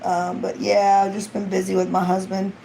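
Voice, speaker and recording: A woman's voice: medium pitch, completely flat delivery, moderate pace, gravelly, mellow, slight background noise, poor audio. A woman, an ASMR vlogger, chatting casually and rambling on a live stream, acting out quoted lines as she goes.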